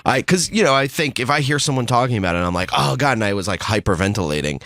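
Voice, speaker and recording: A young man telling a story in casual chat, halting and self-deprecating, with many restarts. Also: medium pitch, expressive, a bit bright, no echo.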